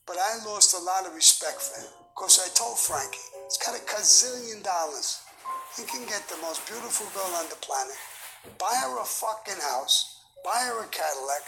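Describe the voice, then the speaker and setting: A man's voice: high voice, creaky, poor audio. A man in his seventies, a guest in an interview, telling blunt, profane stories with lots of energy. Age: 70s. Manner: profane, blunt, animated storyteller. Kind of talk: candid storytelling interview.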